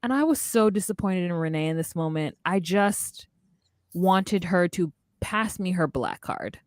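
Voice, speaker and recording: A woman co-hosting a podcast in casual chat, recapping a reality show with sassy, animated storytelling. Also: fairly low pitch, measured pace, dry recording, clean studio sound. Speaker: podcast co-host.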